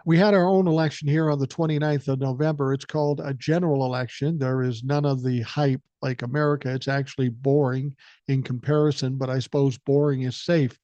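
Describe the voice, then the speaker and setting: A man in his sixties reads listener emails on his podcast and breaks in with blunt, joking, often profane remarks. His voice is mellow and dark. The recording is dry and a little dull. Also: mid-range voice, steady tone, a little fast, dry recording. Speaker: podcast host. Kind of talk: reading listener emails aloud with commentary.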